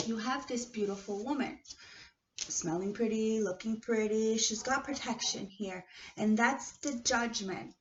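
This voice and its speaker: High-pitched lady with an accent reading tarot cards, keeps saying okay, sounds far from the mic and kinda muffled. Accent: non-native English accent. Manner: chatty, often checks in with "okay?". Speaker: tarot reader. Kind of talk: casual tarot card reading. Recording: distant, dull, noisy home recording.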